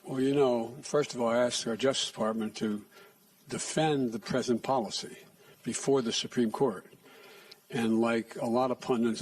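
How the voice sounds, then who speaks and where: Older guy fielding reporter questions, husky voice, halting and restarting a lot, sounds a bit far from the mic. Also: mid-range voice. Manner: halting, restarts often, soft asides. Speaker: president answering reporters. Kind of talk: press conference. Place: press room.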